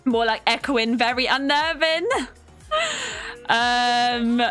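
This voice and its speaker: A woman's voice: on the high side, slow pace, a bit bright, smooth. A young woman streaming a game, chatting casually, reacting to the game and thanking viewers by name. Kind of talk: casual live-stream chat while playing. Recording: faint music behind.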